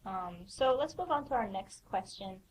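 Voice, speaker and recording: Relaxed young woman asking questions. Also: medium pitch, moderate pace, slight background noise, low-quality recording. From grew up in the United States after moving there as a child. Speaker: student or teaching assistant asking questions. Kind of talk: casual question-and-answer.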